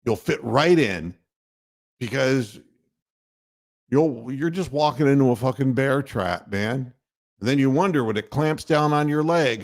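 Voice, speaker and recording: A man's voice: mid-range voice, expressive, a little slow. Male sports-talk host, heated and foul-mouthed monologue, mid-range voice. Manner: profane, sardonic, heated.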